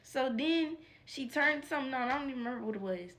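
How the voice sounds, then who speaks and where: A woman vlogger telling a casual storytime, animated and profane, with constant "like" fillers. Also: high-pitched, quick pace.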